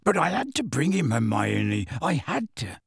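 Guy doing big bearded half-giant dude, low slow pleading voice, rough grammar, dry sound. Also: big pitch swings, no room sound, exaggerated voice. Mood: earnest, pleading. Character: big gruff bearded half-giant man, earnest, near tears.

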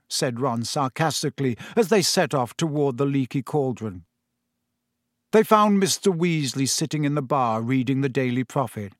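A man narrating a storybook aloud, expressive and voicing each character. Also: mid-range voice, moderate pace, no room sound, studio quality. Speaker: audiobook narrator.

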